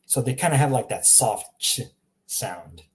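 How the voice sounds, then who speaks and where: A man giving a casual spoken language lesson, explaining sounds with self-aware humor and repeating them slowly to demonstrate. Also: mid-range voice, expressive, darkish tone. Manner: chatty, self-aware explaining with little laughs. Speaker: language teacher.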